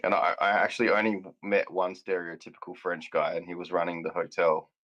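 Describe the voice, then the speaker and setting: A man making dry, deadpan quips in casual live stream banter. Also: deep voice, a little fast, muffled recording.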